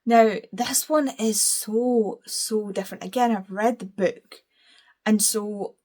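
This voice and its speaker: A woman's voice: mid-range voice, fairly even intonation, slow, darkish tone. A British woman talking casually as a book reviewer, opinionated and gushing, with playful self-deprecating apologies. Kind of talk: casual chat.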